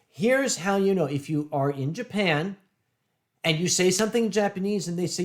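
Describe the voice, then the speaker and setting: A middle-aged man hosting a casual stream, telling wry, drawn-out anecdotes with deadpan punchlines. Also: high-pitched. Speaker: streamer host. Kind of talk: casual storytelling chat.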